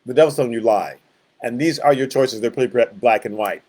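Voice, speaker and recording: A man leading a Bible study in a conversational preaching style, animated and acting out quoted voices, shifting between loud and soft. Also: mid-range voice, brisk.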